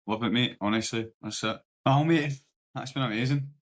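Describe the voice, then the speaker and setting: A man's voice: medium pitch, moderate pace. A man hosting a podcast, speaking modestly and reflectively about his goals in a casual interview chat on a video call. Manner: reflective, modest, says "do you know what I mean". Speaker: podcast host.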